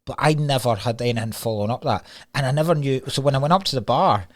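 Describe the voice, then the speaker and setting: A Scottish man co-hosting a podcast, telling stories in a casual, rambling way with halting restarts. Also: medium pitch. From Scotland. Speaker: podcast co-host. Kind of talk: casual chat.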